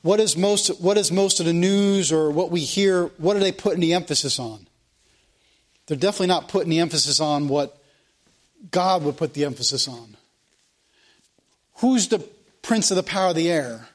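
A man with a high-pitched voice preaches a sermon. He puts questions to his listeners and answers them himself. He also reads scripture aloud. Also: normal speed, pauses often. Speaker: pastor.

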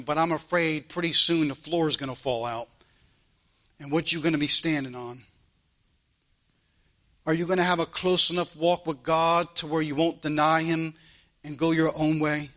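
A man with a drawl preaches with passion, his voice sitting high for a man. His tone is bright and cutting, and he swings from hard, loud exhortation to soft, pleading hushes. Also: fairly even intonation, normal speed. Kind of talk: fiery sermon.

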